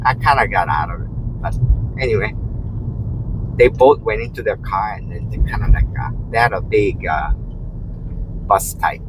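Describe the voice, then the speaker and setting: Lively rambling man in a car. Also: fairly low pitch, moderate pace, long pauses. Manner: rambling, full of "you know" and restarts; acts out quotes in a raised voice. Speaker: rideshare driver. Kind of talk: casual storytelling while driving. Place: inside a moving car. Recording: faint car road noise.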